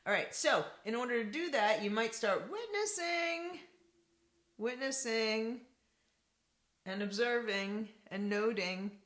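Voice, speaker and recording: A woman's voice: a little high, measured pace. A woman therapist giving a teaching talk to camera, repeating key points and often checking in with a rhetorical "right?". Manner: lively, repetitive, asks rhetorical "right?". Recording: echoey room.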